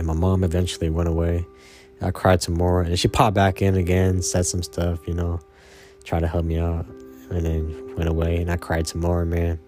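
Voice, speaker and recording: A man's voice: low voice, darkish tone. A man in his twenties telling a personal story casually, rambling and slangy, with lots of fillers. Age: 20s. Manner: rambling and slangy, full of "man" and "you know".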